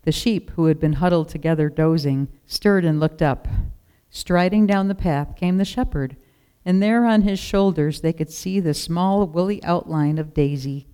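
A narrator reading a children's storybook aloud in a steady, expressive way. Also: mid-range voice, normal speed, clear, resonant tone.

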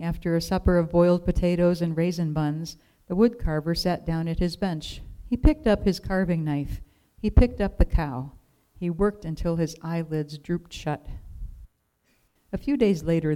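Gentle woman reading a storybook. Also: low-pitched, normal speed, clean tone, rough recording. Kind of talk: storybook read-aloud.

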